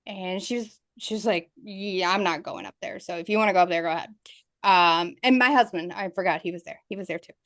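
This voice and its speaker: A woman's voice: fairly low pitch, a little fast, no echo, studio quality. A woman, a ghost investigator guest, telling her experiences as a vivid storyteller who laughs through the tense moments. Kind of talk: interview storytelling.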